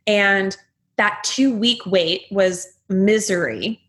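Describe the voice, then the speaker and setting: A woman in casual conversation, telling a personal story in an animated, dramatic way and leaning heavily on "like". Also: mid-range voice, slow. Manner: animated, chatty, leans heavily on "like"; dramatic, acts out the dialogue she quotes.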